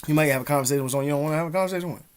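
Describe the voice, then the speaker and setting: A man's voice: a little high, rapid-fire, clear, resonant tone. A man vlogging casual advice, rambling in profane street slang with many fillers.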